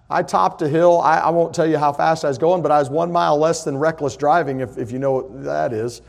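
A middle-aged man, preaching a sermon with folksy stories that build to loud, emphatic points. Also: a little high, creaky. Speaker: pastor. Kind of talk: sermon with personal story.

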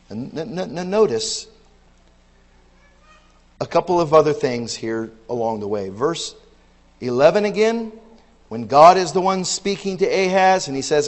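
A man delivers a sermon in a fairly high voice, taking his time over each phrase. He jumps from loud, urgent cries to quiet, low asides and restarts with repeated words. His voice rings with a long reverb in a large hall. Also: lively intonation, measured pace, pauses often. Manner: emphatic, swings between loud exclamations and low asides. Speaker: preacher.

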